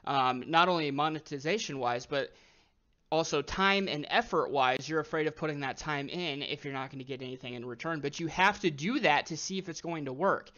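A young man coaching viewers in a casual, motivational talk, often saying "dude" and "okay" and growing excited as he goes. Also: on the high side, fairly quick, dull audio. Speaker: online business coach.

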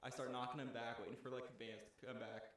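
A man's voice: medium pitch, flat delivery, quick pace, a bit bright. A young man hosting a podcast, casually telling a long story among friends, rambling with lots of fillers and swearing. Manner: rambling, filler-heavy, profane. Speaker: podcast host. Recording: very echoey room.

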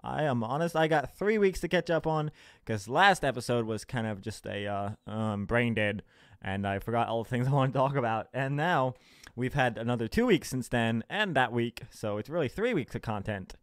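A man's voice: mid-range voice, moderate pace, dry recording, studio quality. A young man hosting his own podcast, ranting casually with lots of swearing, sarcasm and laughter. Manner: sarcastic, swearing, laughing mid-sentence, mocking voices. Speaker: podcast host. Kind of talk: casual solo rant. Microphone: home recording setup.

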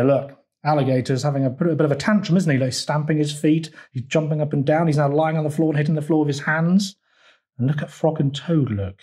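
A man reading his picture book aloud for children's storytime, lively and asking the listeners questions. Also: fairly high pitch, fairly quick.

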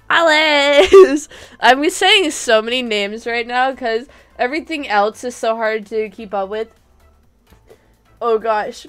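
A young woman live-streaming a game, chatting casually and excitably with bursts of giggles and squeals. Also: on the high side, clean tone.

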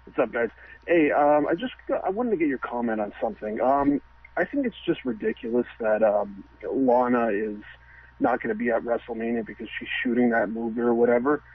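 Husky male caller over a tinny phone line. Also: medium pitch, lively intonation, brisk. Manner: ranting, profane, laughing. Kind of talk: ranting call-in.

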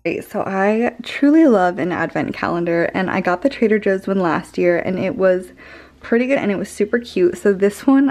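A woman's voice: mid-range voice, darkish tone. A young woman vlogging in a bubbly, gushing way, talking to a handheld camera at home and while out shopping. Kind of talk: casual vlog narration. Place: stores and at home.

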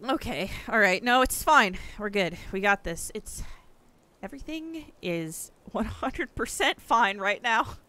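A young woman giving excitable let's play commentary, swearing often and yelping at the screen. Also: medium pitch, unhurried. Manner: excitable, swears a lot, yelps and shouts at the screen. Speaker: gaming streamer.

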